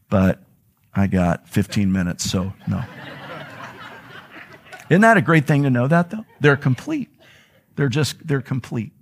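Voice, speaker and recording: A male pastor preaching a sermon to his congregation in a church, conversational, slowing down to stress key words. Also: medium pitch, animated. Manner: conversational preaching, slows for emphasis. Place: church sanctuary.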